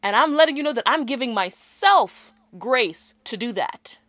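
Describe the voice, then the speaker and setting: A woman's voice: a little high, lively intonation, normal speed, fairly bright tone, no echo. Sassy, candid young woman. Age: 20s. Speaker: podcast co-host. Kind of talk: casual chat.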